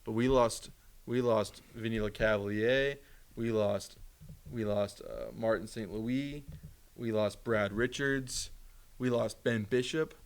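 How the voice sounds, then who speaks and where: A man co-hosting a casual sports podcast, talking fast, repeating himself and jumping up in pitch when he gets worked up. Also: fairly even intonation. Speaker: podcast co-host.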